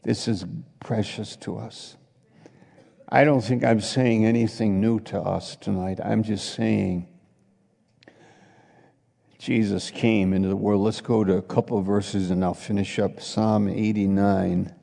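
Animated preacher in a reverberant hall. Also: male voice, fairly low pitch, measured pace, vocal fry. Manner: animated, swings between loud exclamations and quiet asides. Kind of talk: sermon with acted-out scenes.

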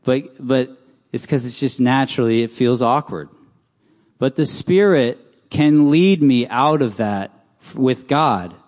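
A man preaches informally in a church hall, regularly putting questions to the crowd, and the recording carries a long hall reverb. He has a mid-range, slightly mellow voice.

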